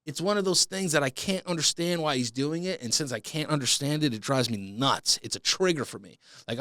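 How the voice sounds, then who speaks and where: A man riffs through a solo podcast in loose, self-mocking chatter peppered with curses. His pitch jumps up and down with lively energy. The sound is dry and close, with no room around it. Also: clean tone, no echo. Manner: animated, swearing, self-mocking. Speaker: podcast host. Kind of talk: casual solo podcast monologue.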